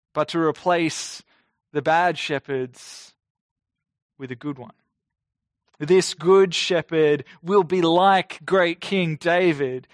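A man in his forties delivering a sermon in a fairly high voice. He speaks in a measured, emphatic way and slows down to stress key phrases. The recording is dry and close. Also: no room sound. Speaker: preacher.

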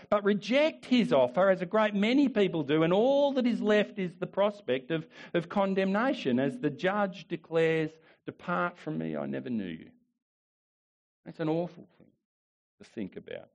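Animated, high-voiced preaching pastor. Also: male voice. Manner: emphatic preaching, repeats phrases, rises and drops in volume. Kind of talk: sermon.

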